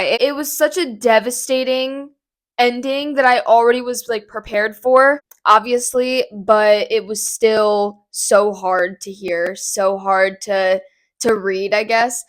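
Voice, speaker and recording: A young woman with a voice pitched a touch high gushes about a book she just finished. Her talk is casual, rambling and excited, as if chatting with friends. She is recorded close on a phone in her home kitchen. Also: slow pace. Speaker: book vlogger. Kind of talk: casual book review chat.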